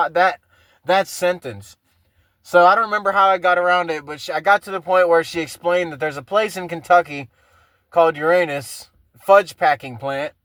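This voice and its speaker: A man with a notably high voice hosts a solo podcast, swearing freely as he tells rambling everyday stories. He breaks into laughter often. The sound is dry and close, with no room around it. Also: fairly bright tone, clear, resonant tone, no echo. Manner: profane, rambling storytelling with frequent laughs. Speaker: podcast host. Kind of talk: casual solo podcast monologue.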